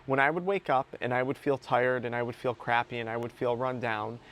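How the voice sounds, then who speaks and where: A man's voice: medium pitch, fairly even intonation, fairly quick, a bit bright. A man speaking as an addiction recovery coach, giving a motivational talk to camera in an earnest, emphatic way, repeating key words for stress.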